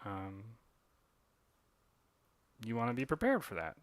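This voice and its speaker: A man's voice: mid-range voice, wildly swooping pitch, takes it slowly, no room sound. A man, a comic artist chatting casually on a drawing livestream, rambling with lots of fillers and self-corrections. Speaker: comic artist streaming his drawing work.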